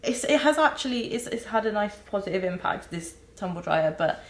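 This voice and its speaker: A young woman recording a candid personal vlog, talking haltingly with many restarts and close to tears. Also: medium pitch, animated, echoey room, poor audio. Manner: halting, searching for words, many fillers and restarts. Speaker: vlogger.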